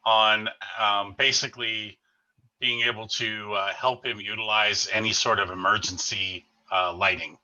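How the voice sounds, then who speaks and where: A man's voice: lowish voice, measured pace, muffled recording. A man playing a tabletop role-playing game, eager and chatty. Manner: eager, lively, laughs often. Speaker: player.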